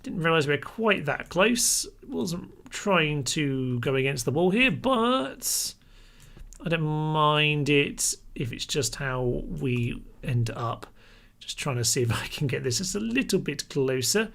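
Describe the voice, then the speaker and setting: A man's voice: on the high side, lively intonation, unhurried, creaky, fairly bright tone. A man giving chatty live commentary on a strategy game and talking his units through their orders. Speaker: gaming channel host.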